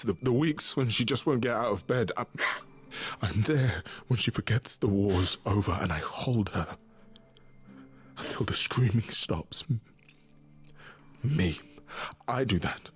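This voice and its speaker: An actor playing a weary, grieving male god who cares for his suffering mother, speaking in a halting, confiding way. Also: mid-range voice, lively intonation, slightly rough. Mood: sorrowful. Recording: game audio with faint music.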